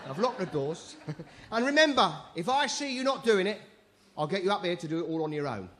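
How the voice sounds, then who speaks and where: A man's voice: sits high, animated, fairly quick, a bit bright. A man compering a live show, bantering with the crowd in a cheeky, bawdy way. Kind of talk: stand-up compering. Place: live venue stage.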